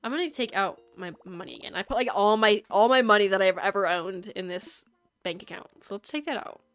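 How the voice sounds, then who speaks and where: A woman's voice: medium pitch, fairly quick, fairly bright tone, no echo. A woman streamer chatting casually with her viewers while playing a game, rambling and talkative. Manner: rambling, chatty, talks to chat. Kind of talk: casual live-stream chat while gaming.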